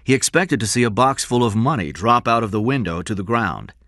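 A man narrating a story in a clear, measured storytelling manner, recorded close to the mic. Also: mid-range voice, lively intonation, fairly bright tone, no room sound. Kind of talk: scripted audiobook narration.

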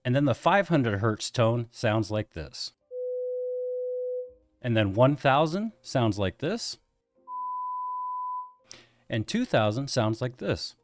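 A man's voice: mid-range voice, big pitch swings, takes it slowly, pauses often, over music. A middle-aged man hosting an explainer video, teaching in plain, friendly layman's terms. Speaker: host explaining hearing tests.

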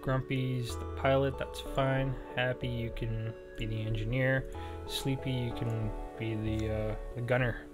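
A man's voice: medium pitch, level tone, unhurried. A man giving casual let's play commentary, thinking aloud with many fillers and self-deprecating jokes. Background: faint game music.

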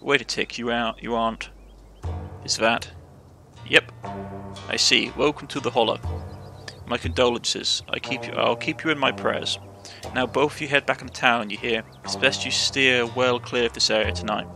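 A man with a Cornish accent voicing a gruff, stubborn old male farmer who speaks in a scolding way. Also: mid-range voice, fairly even intonation, normal speed, music in the background, close to an everyday voice.

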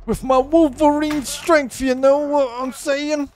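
A man's voice: very high voice, monotone, quick pace, gravelly, voice pushed up. A man putting on a hammy boastful superhero voice in a mock Italian accent, drawing the words out, with music in the background. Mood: swaggering. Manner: shouting catchphrase, drawn out.

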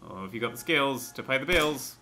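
A man's voice: mid-range voice, animated, brisk, over music. A man hosting a let's play, talking through the game with jokey, sweary, rambling asides. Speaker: gaming channel host.

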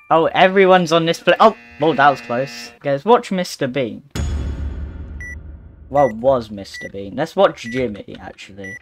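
A male gamer commentating his own play at an unhurried pace, his pitch swinging widely from low mutters to sudden high yelps. Faint game music plays underneath. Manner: excitable, quick yelps and exclamations between calm remarks. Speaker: gaming channel host. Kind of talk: live gameplay commentary.

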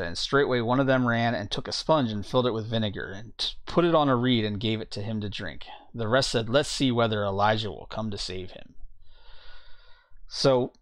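A man giving an informal Bible teaching, reading scripture passages aloud and pausing to look up verses as he goes. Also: mid-range voice, fairly bright tone, dry recording, clean studio sound. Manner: reads scripture aloud, searching for verses mid-talk.

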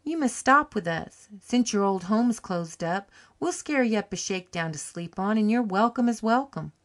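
A woman reading an audiobook, voicing a cheery, warm-hearted country farm wife with a folksy rustic dialect. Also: medium pitch, expressive, normal speed, voice pushed up, lightly acted. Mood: hospitable.

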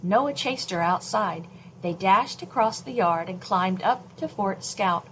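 Woman librarian, mid pitch, unhurried read-aloud storyteller for kids. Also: a little hiss or hum, low-quality recording. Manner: slow, expressive storytelling delivery. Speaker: children's librarian. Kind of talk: reading a novel chapter aloud.

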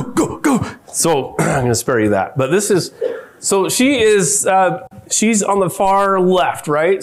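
A middle-aged man giving a conference keynote, telling family stories with lively quoted voices. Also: on the high side. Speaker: keynote speaker. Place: conference hall.

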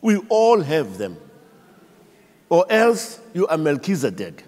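Slowly and in a slightly high voice, a South African pastor preaches, dramatizing the people in his stories by voicing them. The sound rings through a large church hall.

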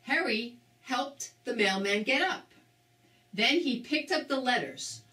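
Slow, expressive grandma reading aloud. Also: female voice, a little high, a little hiss or hum. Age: older. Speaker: storybook reader. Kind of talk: reading a children's book aloud. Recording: roomy, distant mic.

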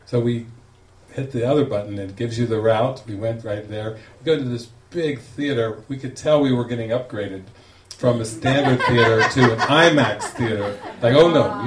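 Male spiritual teacher, mid pitch, animated storyteller, roomy distant sound. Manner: animated, laughing storyteller acting out quotes. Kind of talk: storytelling talk to a group. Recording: echoey room, distant mic, faint noise.

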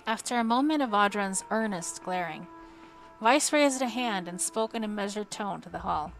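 A woman narrating a fantasy novel on a live stream in a measured, dramatic reading voice. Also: mid-range voice, expressive, soft background music. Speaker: audiobook reader on a live stream. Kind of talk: audiobook narration. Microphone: home streaming microphone.

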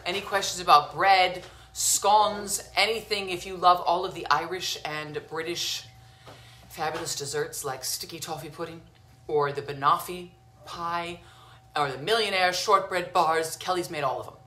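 A woman with a bright, forceful voice hosts a casual cooking demo in her home kitchen. She gushes over everything and keeps calling her viewers sweetheart and lovies. Her voice rings a little in the echoey kitchen. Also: fairly low pitch, fairly even intonation, moderate pace, a little hiss or hum. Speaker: cooking show host.

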